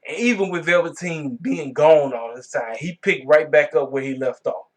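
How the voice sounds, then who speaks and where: A man hosting his own wrestling review vlog, talking casually and reacting with animated disbelief. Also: a little high, normal speed. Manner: animated, colloquial, exclaiming in disbelief. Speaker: wrestling review channel host.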